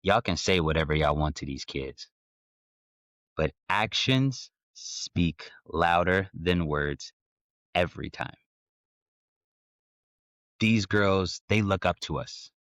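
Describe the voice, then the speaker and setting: A man hosting a podcast, telling a casual, animated story about his kids with slangy asides to listeners. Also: sits low, slow pace, long pauses, no room sound. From Ohio. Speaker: podcast host.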